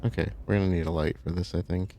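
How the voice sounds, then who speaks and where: Casting: male let's-play host, low gravelly voice, easygoing, thinks aloud while playing. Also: quick pace, background noise. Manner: relaxed, thinking aloud, chatty asides. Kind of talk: casual gameplay commentary.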